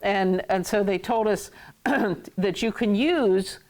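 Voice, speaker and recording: A woman teaching a Hebrew class, playful and quick to laugh, acting out everyday phrases for her students in a classroom. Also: medium pitch, a little mellow. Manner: playful, laughs often, acts out market phrases.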